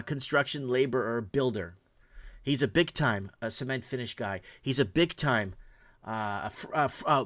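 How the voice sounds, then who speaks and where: A man's voice: mid-range voice, fairly bright tone. A middle-aged man hosting his own podcast, talking in a rambling, heated way and firing off rhetorical questions. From Portugal, raised in Toronto area. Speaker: podcast host. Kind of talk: casual live-stream commentary.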